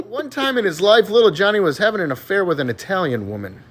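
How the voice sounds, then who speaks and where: Animated man telling jokes. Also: high-pitched, a little fast. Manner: animated, laughs at his own punchlines. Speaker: joke teller. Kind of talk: casual joke telling.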